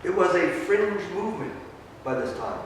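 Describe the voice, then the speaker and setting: A man preaches a sermon, retelling a story with lively swings between hushed asides and loud emphasis. His voice sits high for a man. It carries through a long, echoing church hall, picked up from a distance with faint ambience behind it. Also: normal speed, a little hiss or hum. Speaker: pastor. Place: church sanctuary. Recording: echoey church hall from far off.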